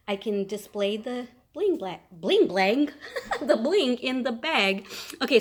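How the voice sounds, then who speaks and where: A woman in her fifties, a grandmother, vlogging at home and cooing at her grandchildren in excitable, sing-song baby talk. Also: medium pitch. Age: 50s. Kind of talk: casual home vlog, talking to grandchildren.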